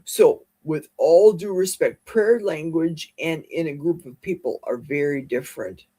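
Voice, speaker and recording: A woman's voice: sits low, measured pace, warm tone, breathy edge. A woman hosting a casual livestream, chatty and exclamatory as she reads viewer comments aloud. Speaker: livestream host. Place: home livestream.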